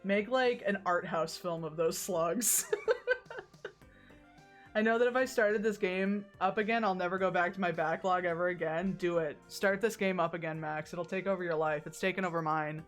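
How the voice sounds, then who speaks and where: A woman's voice: fairly low pitch, steady tone, moderate pace, faint music behind. A woman streaming herself playing a game, chatting casually, joking with chat and reading on-screen text aloud.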